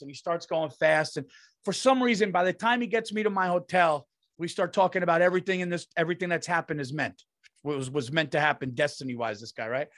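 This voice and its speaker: A man's voice: a little high, fast talker, a bit bright, no room sound, clean studio sound. Profane, rambling male comedian. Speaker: comedian podcast host. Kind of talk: casual storytelling chat.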